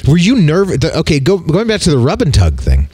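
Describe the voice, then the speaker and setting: A man's voice: a little high, huge pitch swings, fairly quick, darkish tone, slightly rough, no room sound. A man hosting a podcast in casual chat, joking around, laughing often and tripping over his own restarts. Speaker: podcast host.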